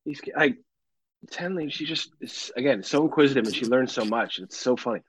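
A man's voice: medium pitch, fairly quick, slightly rough, no room sound. A man in his thirties, co-hosting a casual podcast chat, telling stories animatedly with lots of laughter and casual swearing. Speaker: podcast co-host. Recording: dull, lo-fi dry sound.

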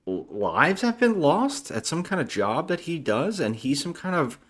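A man's voice: a little high, normal speed. A man co-hosting a bad-movie podcast, casually retelling the plot and acting out the characters' lines. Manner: animated retelling with acted-out dialogue.

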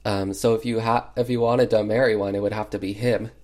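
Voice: medium pitch, steady tone, a little fast, darkish tone, close to an everyday voice. A vlogger voicing a chatty naive bride. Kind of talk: quoting a film character in a recap.

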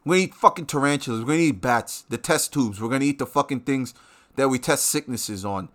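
A man rants on his show in a bright, cutting voice. He swears constantly and keeps jumping into loud outbursts. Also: medium pitch, fast. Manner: profane, animated ranting with sudden loud outbursts. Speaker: show host. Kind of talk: ranting monologue.

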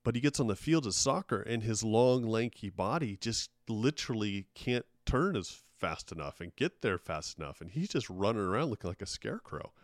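A man's voice: lowish voice, animated, normal speed, few pauses, no echo, studio quality. A middle-aged man hosting a casual interview, telling a reflective personal story. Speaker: podcast host.

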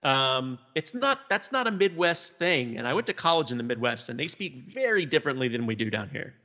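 A man's voice: medium pitch, big pitch swings, brisk, sharp tone. A man from South Louisiana chatting casually about television, thoughtful and hesitant, with plenty of fillers. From South Louisiana, USA. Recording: dull lo-fi sound with long reverb.

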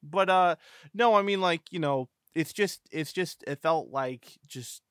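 A man's voice: fairly high pitch, unhurried, fairly bright tone, clear, resonant tone, no room sound, studio quality. A man hosting a podcast, meandering through a casual film discussion with lots of hedging and fillers. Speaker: podcast host.

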